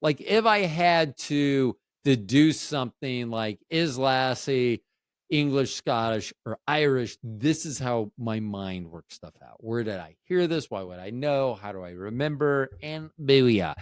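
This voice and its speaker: Podcast host, man in his fifties, rambling and self-interrupting, jokey, mid-pitched, dry close sound. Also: expressive, a little slow, clean tone, dry recording. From Tampa Bay, Florida, USA. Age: 50s. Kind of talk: casual solo chat.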